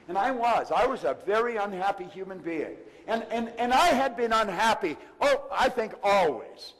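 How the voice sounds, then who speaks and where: A man's voice: high-pitched, lively intonation, brisk. Emphatic older man speaking in a hall. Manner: emphatic, swings from loud to hushed. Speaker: motivational speaker. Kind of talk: live seminar talk. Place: seminar room before an audience.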